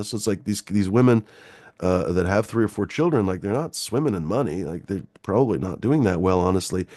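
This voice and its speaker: A man's voice: fairly low pitch, a little mellow, dry recording, clean studio sound. A middle-aged man hosting a call-in show, ranting about politics in a profane, rambling, sarcastic way. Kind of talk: casual political rant.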